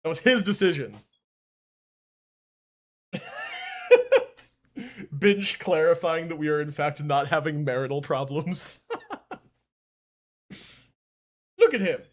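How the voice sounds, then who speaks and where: Chatty guy streaming games from home, kinda high voice, laughs a lot, animated. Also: takes it slowly, long pauses. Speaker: game streamer. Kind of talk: casual live-stream chat.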